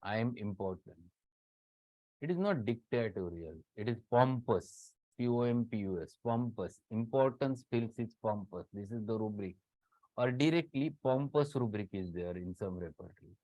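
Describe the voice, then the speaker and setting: Here the homoeopathy professor, a man with an Indian English accent, teaches online at a moderate pace with a medium-pitched, mellow, expressive voice. He hammers points home by repeating words, and the dull lo-fi recording has no echo.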